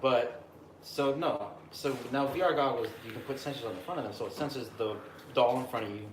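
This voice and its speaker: A man's voice: mid-range voice, fairly quick. A man chatting casually as a podcast co-host, swearing freely and telling stories with animation. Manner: profane, animated storyteller. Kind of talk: casual chat. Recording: echoey room with faint noise.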